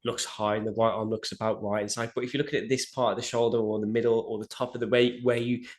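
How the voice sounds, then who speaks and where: A young man co-hosting a podcast, talking casually and animatedly about coaching, with lots of "like" and the odd swear. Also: lowish voice. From Britain. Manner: quick, animated storytelling with swearing and filler "like". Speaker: powerlifting coach and podcast co-host.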